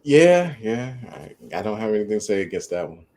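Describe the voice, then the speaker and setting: Man co-host, lower voice, relaxed slangy storyteller in casual dating chat. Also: brisk. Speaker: podcast co-host.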